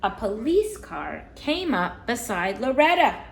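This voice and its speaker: A woman reading a children's story aloud with an animated, expressive delivery over a video call. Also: fairly high pitch, measured pace, gravelly. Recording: roomy echo.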